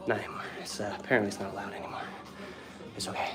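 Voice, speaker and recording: A man's voice: on the low side, very fast, a bit bright. A young man talking casually and with swearing in a vlog while doing push-ups, a bit out of breath. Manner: casual, profane, talks between push-ups. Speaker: dating coach.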